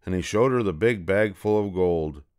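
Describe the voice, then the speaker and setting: An older man reading a children's fairy tale aloud in a slow, gentle storytelling manner. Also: low-pitched, smooth, no echo, clean studio sound.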